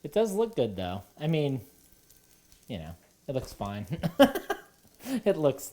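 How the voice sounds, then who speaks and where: A woman hosting a home cooking show, talking in a rambling, wry and self-deprecating way in her kitchen, a little nervous and halting. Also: extremely low pitch, big pitch swings, warm tone. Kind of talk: rambling casual monologue while cooking. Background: running water and sizzling pan.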